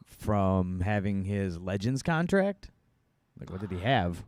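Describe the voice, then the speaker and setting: A man's voice: sits low, big pitch swings, slow pace, darkish tone, no room sound, studio quality. A man co-hosting a podcast in casual chat, telling stories animatedly and laughing often. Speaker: podcast co-host.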